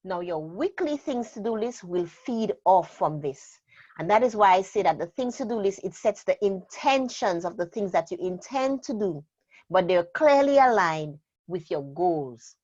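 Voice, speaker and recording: A woman trainer talks through her method in a steady, emphatic way, slowing down to lean on key words. Her voice sits mid-range. The recording sounds slightly dull and lo-fi. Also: medium pitch. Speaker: productivity trainer. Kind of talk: instructional interview talk.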